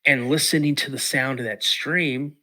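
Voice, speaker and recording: A man's voice: medium pitch, moderate pace. A middle-aged man, a podcast guest, telling a story casually with lots of repeats and restarts. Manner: animated, repeats words and restarts.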